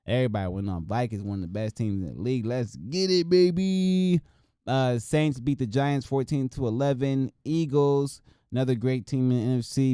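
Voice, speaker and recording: A man's voice: mid-range voice, dark tone, clean tone, no room sound, clean studio sound. Loose, profane sports podcast man. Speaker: podcast host. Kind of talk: casual sports talk.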